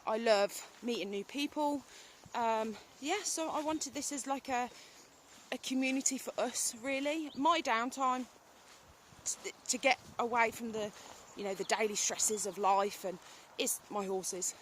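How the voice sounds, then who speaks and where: Riding her horse across fields, this vlogger, a woman in her thirties with a British English accent, chats casually into the phone in her hand, filling her talk with ums and sometimes addressing the horse. She sounds a little high and unhurried. Quiet outdoor noise, including animal sounds, plays in the background.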